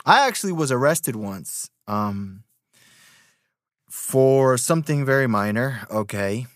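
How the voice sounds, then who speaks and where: A man in his thirties hosting a podcast, telling stories in an animated rant full of fillers and restarts. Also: mid-range voice, takes it slowly, dry recording, studio quality. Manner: animated storytelling with many fillers. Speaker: podcast host.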